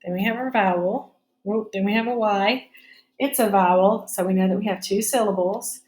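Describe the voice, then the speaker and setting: A woman's voice: mid-range voice, moderate pace, darkish tone, reverberant. A woman teaching a phonics spelling lesson, explaining each step patiently.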